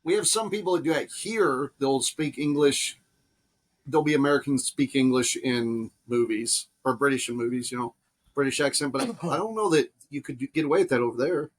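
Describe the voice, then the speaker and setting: A man co-hosting a podcast, chatting casually and profanely, quick to laugh. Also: mid-range voice, breathy edge. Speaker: podcast co-host. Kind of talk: casual chat.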